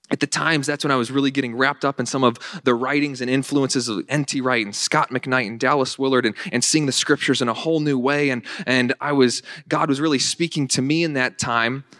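A man in his late twenties preaches to his congregation in a lively, conversational way, with quick restarts and asides. His voice sits at an ordinary middle pitch. The sound is dry and close, with little room echo. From Northern Virginia. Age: late 20s. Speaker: pastor. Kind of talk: sermon.

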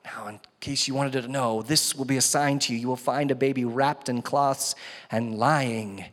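A man's voice: mid-range voice, steady tone, normal speed. Man preaching in a reverberant church. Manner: dramatic swings from loud emphasis to hushed tones. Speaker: pastor. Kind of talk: sermon. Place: church sanctuary. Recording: church hall with long reverb.

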